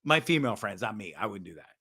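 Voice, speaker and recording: Animated, foul-mouthed male host ranting. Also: on the low side, quick pace. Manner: profane, animated, sarcastic. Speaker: show host. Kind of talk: ranting video commentary.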